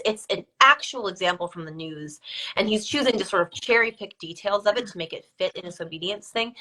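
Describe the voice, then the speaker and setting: A woman's voice: lowish voice, a bit bright. A woman co-hosting a casual live-stream discussion, speaking emphatically and repeating words for stress. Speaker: co-host.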